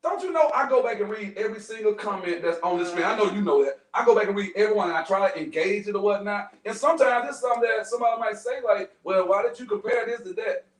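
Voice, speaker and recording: High-voiced animated man hosting. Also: fast talker, hardly any pauses. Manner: animated, joking, slips into quoted voices. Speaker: podcast host. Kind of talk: casual group chat. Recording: echoey room, far from the mic.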